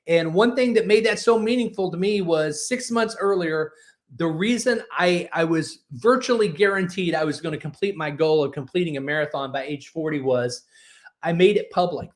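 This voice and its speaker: Motivational speaker, forties, male, folksy and persuasive, a bit high-pitched. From Oklahoma. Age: 40s. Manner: folksy storytelling, energetic and persuasive. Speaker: book publishing coach. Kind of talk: motivational webinar talk.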